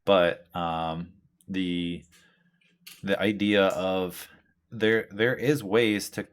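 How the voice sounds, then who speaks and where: A man's voice: sits low, steady tone, very slow, clear, resonant tone. A man hosting a tattoo podcast, talking in a laid-back, rambling way with lots of fillers and the odd swear word. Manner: reads out listener questions. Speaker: tattoo artist and podcast host. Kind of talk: casual chat.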